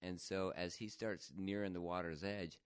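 A man telling a funny story in casual chat, laughing often and jumping higher when he quotes people. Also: normal speed, smooth, dry recording, studio quality. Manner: animated, laughs often, jumps to higher pitch for quoted voices.

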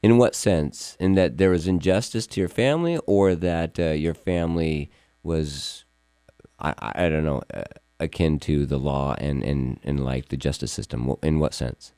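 A man with a low, mellow voice hosts a studio radio interview, stumbling through his questions with ums and restarts. The sound is close and dry. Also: smooth, no room sound. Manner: halting, many fillers and restarts. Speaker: radio show host and attorney.

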